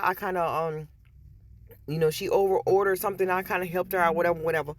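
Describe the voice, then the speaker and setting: Animated woman telling a story. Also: lowish voice, quick pace, no room sound. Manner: animated, restarts and repeats words. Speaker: vlogger. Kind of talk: casual storytelling. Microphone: headset.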